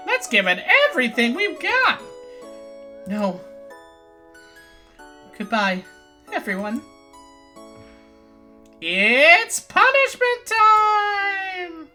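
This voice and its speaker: Cackling, gloating villain from a murder game as a man voices him; loud, manic, bright-edged delivery. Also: high-pitched, very animated, slow, pauses often, faint music behind, pitched above the performer's own voice, full character voice. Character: gloating cruel game mastermind.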